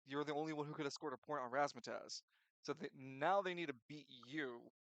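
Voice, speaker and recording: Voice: mid-range voice, fairly quick, a bit bright, no echo, highs cut off. A game master narrating a tabletop role-playing game in a blunt, casual way, swearing freely.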